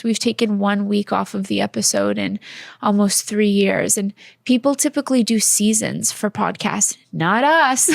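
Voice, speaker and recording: A woman's voice: medium pitch, creaky, no echo, clean studio sound. A woman co-hosting a faith podcast, talking in an earnest, heartfelt way with many fillers. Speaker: podcast co-host. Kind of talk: casual faith podcast chat.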